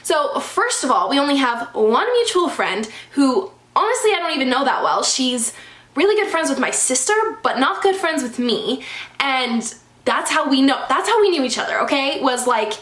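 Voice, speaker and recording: A woman's voice: sits high, very animated, normal speed, a bit bright. A young adult woman telling storytime vlog stories in a chatty, exasperated way, with lots of "like" fillers. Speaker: vlogger. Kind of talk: storytime vlog, casual chat. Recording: echoey room.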